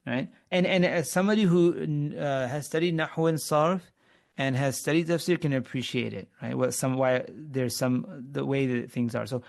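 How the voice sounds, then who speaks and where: A man's voice: mid-range voice, normal speed, vocal fry. A man teaching Arabic grammar in an online webinar lesson, explaining step by step, quizzing his students and often restarting his sentences.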